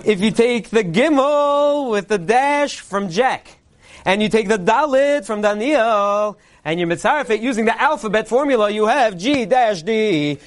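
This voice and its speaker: A man delivering a parody Purim sermon, a mock-earnest preacher cadence and deadpan punchlines. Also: high-pitched, unhurried. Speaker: comedian delivering a mock Purim Torah speech.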